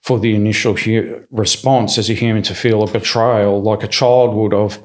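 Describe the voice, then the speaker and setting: A man with a fairly low voice tells his story as a podcast guest. He talks casually and animatedly, slipping into the voices of the people he quotes and restarting his sentences often. He is recorded in a studio. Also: steady tone, normal speed.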